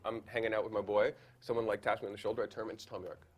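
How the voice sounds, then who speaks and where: A man from Canada, a podcast guest, telling a story in an animated, casual way full of fillers. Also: lowish voice, fast, husky. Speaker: guest photographer.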